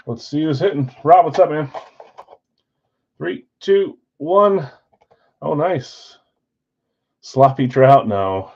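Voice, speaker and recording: A man's voice: a little high, lively intonation, takes it slowly, pauses often, a little mellow. A man hosting a live stream card break, chatting casually and thinking aloud as he opens packs. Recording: dull lo-fi stream audio.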